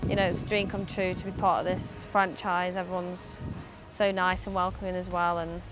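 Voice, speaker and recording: A woman's voice: lowish voice, flat delivery, normal speed. A woman cricketer, giving candid, chatty interview answers with easy laughter. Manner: chatty and upbeat, laughs easily. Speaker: professional cricketer. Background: background music.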